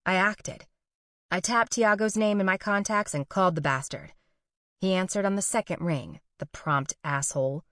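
A woman's voice: fairly low pitch, moderate pace, fairly bright tone, no echo. Wry young woman narrating, dry sound. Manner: wry, sarcastic, profane. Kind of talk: first-person audiobook narration.

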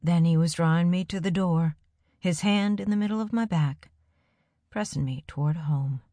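A woman narrating a first-person story aloud in a calm, measured way. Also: fairly low pitch, no echo. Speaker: audiobook narrator.

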